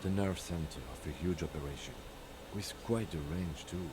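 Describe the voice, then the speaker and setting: An actor playing a calm, precise male police lieutenant, speaking in a measured, dry and formal way in a video game. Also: deep voice, lightly acted. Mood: composed. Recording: game audio with clear background noise.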